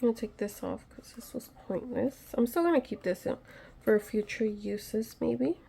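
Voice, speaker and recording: A woman's voice: a little high, animated, normal speed, vocal fry, mellow, breathy edge. A woman talking casually to her viewers while doing a craft repair at home, chatty and a little nervous, joking about her own methods. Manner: chatty, nervous, self-deprecating, talks to viewers while working. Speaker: craft vlogger. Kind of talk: casual DIY tutorial chat.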